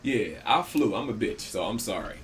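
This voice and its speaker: A man's voice: lowish voice, big pitch swings, moderate pace. A man in loose, profane banter, joking around and laughing readily as he talks slang. He shares a single microphone in a friend's room at home, with a light hiss of noise behind him. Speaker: podcast co-host. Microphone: one microphone shared by two.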